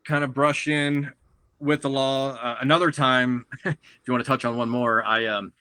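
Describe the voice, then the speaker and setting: A man from Texas, a guest on a podcast, telling stories in a lively, casual way, often laughing and acting out what others said. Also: mid-range voice, moderate pace, smooth, no echo. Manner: animated, acts out quotes of others, laughs often. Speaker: guest grower and breeder.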